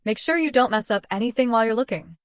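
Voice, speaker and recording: A woman's voice: on the high side, animated, fast talker, no echo, close to an everyday voice. A woman voicing a middle-aged mother-in-law, sugary on top and bossy underneath, giving orders in a sweet tone. the sound is dry and close with no room at all.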